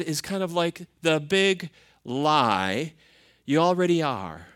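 A man's voice: fairly high pitch, animated, takes it slowly, fairly bright tone. A man preaching a sermon, talking to his listeners in a conversational way. He keeps asking them questions as he goes. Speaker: pastor.

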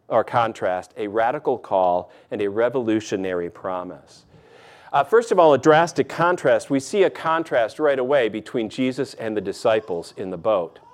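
Man preaching a lively conversational sermon. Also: mid-range voice. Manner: animated, conversational preaching with asides to the congregation. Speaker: pastor.

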